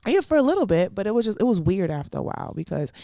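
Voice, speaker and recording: A woman's voice: mid-range voice, very animated, rapid-fire, creaky, dark tone, dry recording, studio quality. A young woman comedian, a guest telling a story in a casual interview, blunt and profane, often laughing and acting out the voices of people in it.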